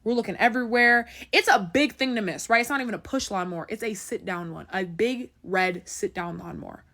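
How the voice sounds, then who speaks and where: A woman's voice: medium pitch, brisk, sharp tone. Brief: young woman, casual storyteller, chatty, keeps checking in with the listener. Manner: chatty, keeps asking "right?".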